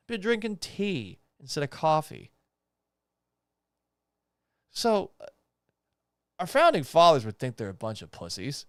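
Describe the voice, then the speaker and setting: A man's voice: clean tone, no echo, studio quality. A young man hosting a podcast, reading items aloud and mocking them in a sarcastic, profane, incredulous way. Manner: profane, jumps up in pitch when exasperated. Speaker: podcast host. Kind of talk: casual commentary.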